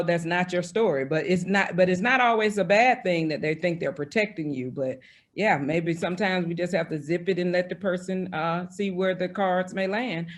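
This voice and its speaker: Host: man, high voice, reflective and encouraging, video call. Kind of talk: casual video-call conversation.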